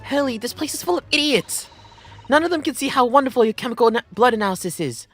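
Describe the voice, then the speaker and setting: Guy doing a super high squeaky little girl voice, all excited. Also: fast talker, soft background music, heavily acted. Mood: indignant. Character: young girl, bright and adoring.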